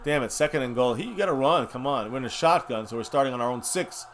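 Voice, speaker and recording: A tipsy man runs a live watch-party stream and reacts to the game as it happens. He curses freely, mutters under his breath, then bursts out loud. His voice sits at an ordinary middle pitch for a man. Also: fast. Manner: profane, excitable, swings from mutters to shouts. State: has been drinking.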